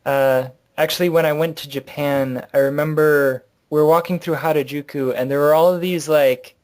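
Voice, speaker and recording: Brief: easygoing male co-host, mid pitch, loose filler-heavy delivery. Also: normal speed. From near Buffalo, New York. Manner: relaxed, hedging, many likes and I don't knows. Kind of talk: casual chat.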